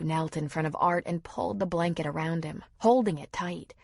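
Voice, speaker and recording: Husky, low-voiced audiobook narrator woman. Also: moderate pace, hardly any pauses, a little mellow, no echo, clean studio sound. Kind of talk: scripted narration.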